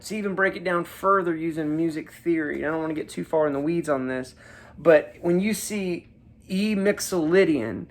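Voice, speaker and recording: A man hosting a casual guitar lesson, folksy and chatty, often checking in with his listeners. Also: a little high. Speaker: guitar teacher and show host. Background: his own guitar playing.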